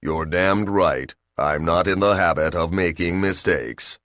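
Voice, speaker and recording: A man voicing a smug, sullen male ship computer that speaks slowly and with quiet menace. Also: low voice, no echo, studio quality. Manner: sullen, smug, slow and measured.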